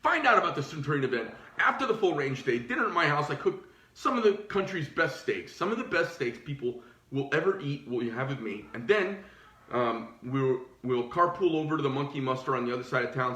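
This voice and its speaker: Here a middle-aged man who runs a knife shop talks in a mid-range, brisk voice, and the space sounds roomy. His casual rant is profane and animated, wandering with frequent restarts.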